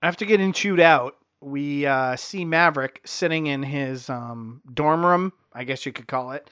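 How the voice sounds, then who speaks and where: A man's voice: fairly high pitch, a little slow, fairly bright tone, smooth, no echo, clean studio sound. A man co-hosting a casual movie review podcast, joking and laughing often. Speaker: podcast co-host.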